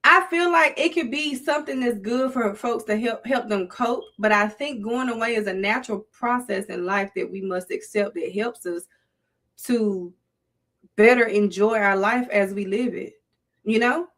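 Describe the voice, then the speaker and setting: A woman's voice: a little high, moderate pace, a bit bright. A middle-aged woman with a Southern US accent, hosting a casual livestream in a playful, preachy way and talking to her chat. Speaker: livestream host.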